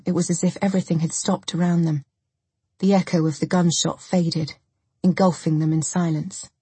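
A woman narrating a thriller audiobook in an even, measured way. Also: deep voice, slightly rough, dry recording. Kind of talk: scripted narration.

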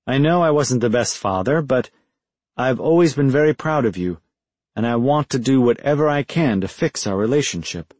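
A man's voice: medium pitch, expressive, moderate pace, a little mellow, dry recording, close to an everyday voice. A man doing a pleading, remorseful jailed father. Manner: pleading, apologetic. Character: remorseful middle-aged man, incarcerated father.

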